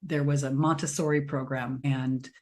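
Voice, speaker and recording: A woman's voice: a bass voice, moderate pace. A middle-aged woman co-hosting a podcast, chatting casually and telling stories in which she acts out her children's voices. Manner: animated storyteller acting out children's voices. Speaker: podcast co-host. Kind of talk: casual chat.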